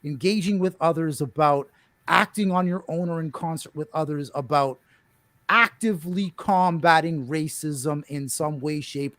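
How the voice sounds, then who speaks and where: A man's voice: fairly high pitch, fairly bright tone, no echo. A man speaking as a panelist in a discussion, discursive and building his points through rhetorical questions.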